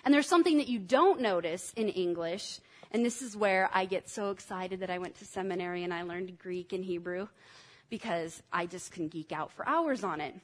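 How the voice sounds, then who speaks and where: In a lower voice at a moderate pace, a woman delivers an enthusiastic, teacherly sermon. She engages her audience by having the congregation repeat words back to her.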